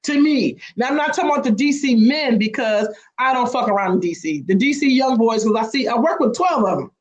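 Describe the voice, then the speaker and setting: A woman's voice: on the high side, expressive, fairly quick, highs cut off. A woman co-hosting a radio talk show, opinionated and blunt in casual banter, swearing freely.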